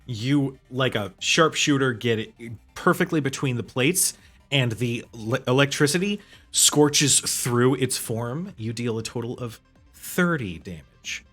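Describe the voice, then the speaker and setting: A man's voice: medium pitch, animated, measured pace, fairly bright tone, soft background music. A man running a tabletop game as game master, narrating casually, with hesitant fillers and frequent laughs.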